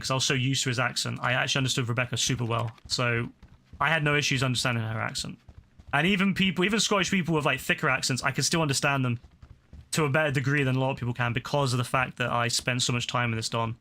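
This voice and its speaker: A man's voice: medium pitch, steady tone, quick pace, pushed and bright. A man chatting casually while streaming a game, rambling along and swearing freely. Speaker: gaming streamer. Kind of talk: casual chat while gaming.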